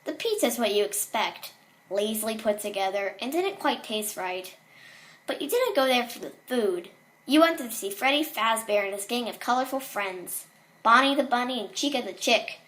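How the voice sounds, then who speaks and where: A woman's voice: on the high side, lively intonation, moderate pace, a bit bright. A woman reading a horror story aloud in a casual way, with small slips and restarts.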